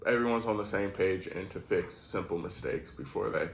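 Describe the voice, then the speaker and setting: A man's voice: low-pitched, moderate pace, vocal fry, reverberant, a little hiss or hum, poor audio. A man co-hosting a casual chat, talking in an easygoing, rambling way. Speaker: co-host.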